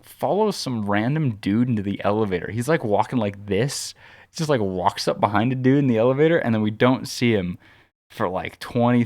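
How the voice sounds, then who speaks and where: A man co-hosting a podcast, telling a long anecdote in a casual, rambling way full of "like" and restarts. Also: fairly low pitch. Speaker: podcast co-host. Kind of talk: casual storytelling chat.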